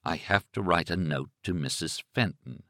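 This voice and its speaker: Male narrator doing a troubled writer, flat distracted murmur, low voice, dry sound. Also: normal speed, no room sound. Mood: dazed.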